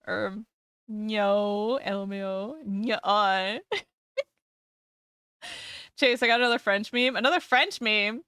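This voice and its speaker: A woman's voice: mid-range voice, slow pace, pauses often, a bit bright, clear, resonant tone, no echo, clean studio sound. A young woman streamer chatting casually with her live audience, giggling often and swearing freely.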